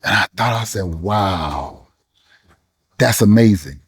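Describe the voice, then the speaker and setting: A grieving man, a musician and bishop, speaking earnestly in a preacherly way, with pauses and repeated phrases. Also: deep voice, expressive, slightly rough, no room sound, studio quality. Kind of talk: emotional interview talk.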